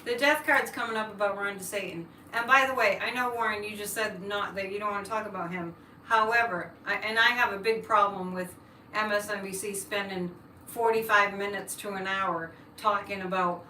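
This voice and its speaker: A woman's voice: mid-range voice, normal speed, bright, forceful tone, recorded from a distance, a little hiss or hum. A woman hosting a psychic livestream, chatting with viewers and launching into political rants. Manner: chatty, ranting political asides. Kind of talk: live-stream chat, reading comments. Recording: echoey room, mic set back.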